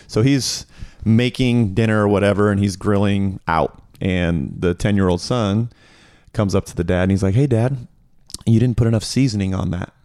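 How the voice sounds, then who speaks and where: A man co-hosting a podcast, chatting casually and winding through a story with plenty of restarts. His voice sits a bit low. The sound is close and dry, with no room to it. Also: darkish tone, clear, resonant tone, dry recording. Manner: rambling storyteller, acts out quotes. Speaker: podcast co-host. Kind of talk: casual chat.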